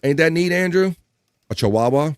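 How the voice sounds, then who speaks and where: Joking live-stream host reading news. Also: male voice, a little high, animated, moderate pace, slight background noise. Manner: joking, reads chat comments and articles aloud, laughs often. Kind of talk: casual joking chat and reading news aloud.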